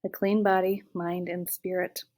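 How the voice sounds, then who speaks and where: Big, calm, good-humored man, read by a woman in an audiobook, steady and reassuring, lowish pitch. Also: unhurried, natural voice. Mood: explaining.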